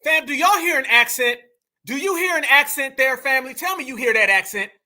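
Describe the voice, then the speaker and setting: A man's voice: very high voice, animated, brisk, pushed and bright. A man hosting a heated political commentary stream, emphatic and repetitive, constantly calling out to his audience. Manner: emphatic, repeats points, keeps addressing the audience as fam and y'all. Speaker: commentary channel host.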